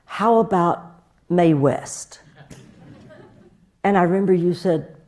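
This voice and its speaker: A woman, an actress in an interview, recalling a story in a relaxed way. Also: fairly low pitch, slow. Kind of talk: recalled anecdote.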